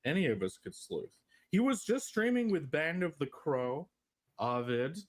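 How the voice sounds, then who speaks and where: A man hosts a loose, jokey podcast stream from a home setup, talking into a desk mic through a mixer. His voice sits high and swings widely in pitch. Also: sing-song, a little slow. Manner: joking, fiddling with audio gear. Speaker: podcast host. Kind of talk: casual stream chat. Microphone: desk mic through a sound mixer.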